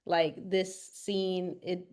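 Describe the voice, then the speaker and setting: A woman's voice: lowish voice, level tone, very slow, darkish tone. A woman as a guest on a podcast, chatting casually and thinking aloud as she goes. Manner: thinks aloud, hesitant restarts. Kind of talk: casual chat.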